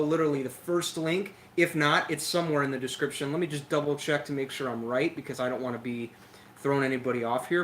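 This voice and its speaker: A young man hosting a casual lawn care livestream, chatty and energetic, a little out of breath, talking into a phone. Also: on the high side, a little hiss or hum, rough recording. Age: young adult. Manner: chatty, energetic, filler-heavy. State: slightly out of breath. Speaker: lawn care show host. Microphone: phone camera.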